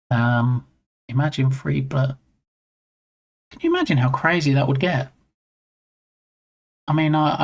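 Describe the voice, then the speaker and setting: A man talking over his live stream in a loose, rambling way, often stopping to greet viewers by name. His voice sits at an ordinary middle pitch. He sounds relaxed and chatty. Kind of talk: casual live-stream chat.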